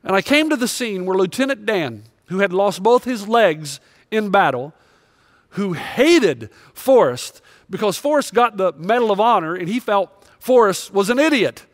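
A man's voice: high voice, animated, moderate pace, no room sound, studio quality. A male pastor preaching a sermon with impassioned, confessional storytelling.

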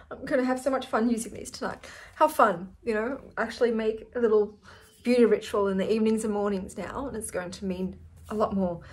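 A woman in her forties with an Australian accent, chatting to camera in an effusive, giggly way. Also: mid-range voice. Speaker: vlogger. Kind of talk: casual chat to camera.

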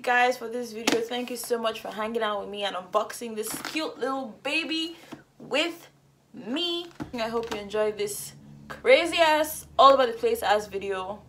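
A young woman excitedly unboxing makeup at home, gasping and gushing as she goes. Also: mid-range voice, a little hiss or hum. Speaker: beauty vlogger.

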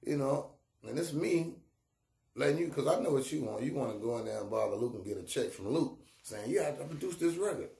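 A warm, medium-pitched voice with vocal fry moves a little quickly as a middle-aged rapper shares stories about his career. He uses relaxed street slang and performs the voices of those he quotes. The room echoes, with a faint ambient backdrop.

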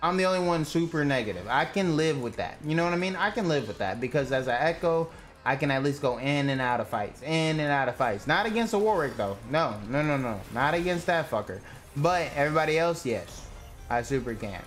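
A man's voice: on the high side, expressive, fairly quick, faint music behind. A young man streaming a game live, ranting at his teammates in an irritated, profane way. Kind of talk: live gameplay commentary.

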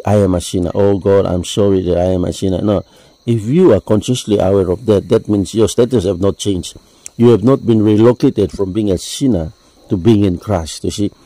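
Low mellow guy preaching, dry sound, keeps saying you see. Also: slightly rough, no echo, poor audio. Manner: explains with repeated "you see", deliberate phrasing. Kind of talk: sermon.

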